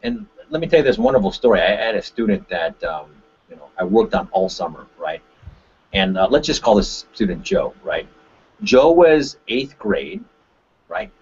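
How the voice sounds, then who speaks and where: A man from Korea, a martial arts instructor, giving an animated webinar talk on a call and tagging his points with "right?". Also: lowish voice, moderate pace, a little hiss or hum. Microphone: conference call line. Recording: dull lo-fi call audio.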